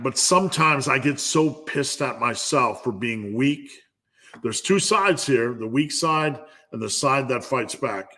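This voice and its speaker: A man's voice: mid-range voice, sharp tone. A man hosting a live fitness Q&A, giving a blunt, profane pep talk. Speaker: fitness channel host.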